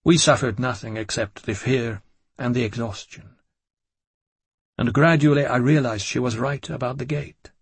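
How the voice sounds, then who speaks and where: A man narrates a gothic novel in the first person with a measured, dramatic delivery. His voice sits at an ordinary pitch with a husky grain. It sounds close and dry, with no room echo. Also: fairly even intonation. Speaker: audiobook narrator.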